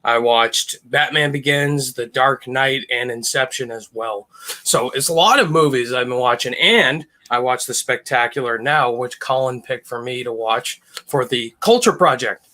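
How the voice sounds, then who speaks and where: A man's voice: mid-range voice, moderate pace, bright, forceful tone. A man hosting a podcast, upbeat and enthusiastic in casual chat. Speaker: podcast host.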